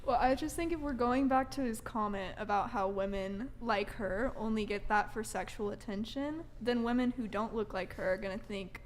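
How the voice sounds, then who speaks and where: Young female guest, medium pitch, reasoned tone, faint noise. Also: normal speed, hardly any pauses. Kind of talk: casual panel chat.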